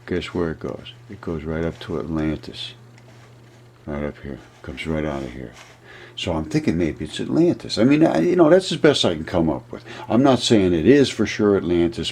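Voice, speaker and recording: A low-pitched man with a husky, slightly rough voice talks casually and at length, pointing things out on a map. He rambles with restarts and often breaks into amused disbelief at his own theories. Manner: rambling, excitable, laughs at own ideas. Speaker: video presenter. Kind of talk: casual explanatory monologue over a map.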